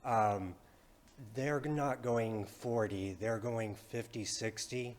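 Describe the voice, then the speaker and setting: A man's voice: medium pitch, slow. A man speaking as a resident during public comment at a city meeting. He is losing his voice and sounds concerned, hesitating with fillers.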